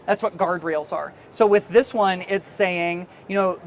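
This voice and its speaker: A man's voice: high-pitched, a little slow, a little hiss or hum. A man giving a live conference workshop talk in a casual, chatty way, laughing easily as he talks to the room. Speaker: teacher trainer and conference presenter.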